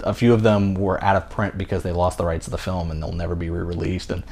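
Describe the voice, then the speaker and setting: Rambling man with a low voice. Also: level tone, fast talker, darkish tone, slight background noise. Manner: rambling, many fillers and restarts. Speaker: podcast co-host. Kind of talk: casual chat.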